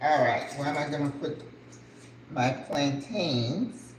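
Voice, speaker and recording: An older woman hosting a cooking vlog, chatting casually and exclaiming excitedly over the food as she plates it. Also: low-pitched, slow, echoey room, a little hiss or hum, low-quality recording.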